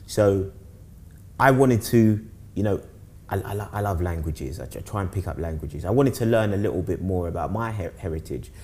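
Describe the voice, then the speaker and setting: Deep-voiced man with a London accent. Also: normal speed. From South East London, England. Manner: rambling, repeats words and restarts often, animated when telling stories. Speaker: guest. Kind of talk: casual conversation.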